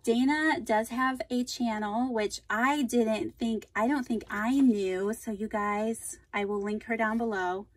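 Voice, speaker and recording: A woman's voice: a little high, measured pace, hardly any pauses. A woman hosting a casual craft vlog, opening mail from viewers and thanking them effusively. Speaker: craft channel host.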